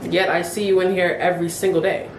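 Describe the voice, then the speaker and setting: A woman playing a sassy, sarcastic fast-food manager in a comedy skit. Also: on the low side, little pitch movement, reverberant, slight background noise, natural voice.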